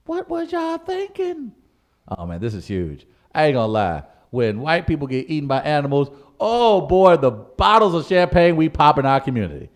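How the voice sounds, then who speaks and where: A man's voice: medium pitch, fairly quick, few pauses. A man co-hosting a comedic podcast, ranting with big energy and frequent laughter. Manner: animated, ranting, laughs often. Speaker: podcast co-host.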